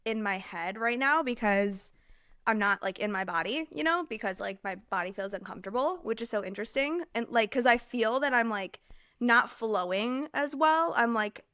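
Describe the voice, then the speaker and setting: Clean studio sound with no echo captures a young American woman whose voice is highish, expressive, smooth, and fairly bright at normal speed. Hosting her casual solo podcast, she rambles chattily with lots of fillers and self-interruptions, overheated and distracted.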